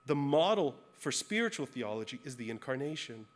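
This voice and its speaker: A man's voice: mid-range voice, sing-song, brisk. A male pastor preaching a sermon, telling a personal story in a candid, self-deprecating way.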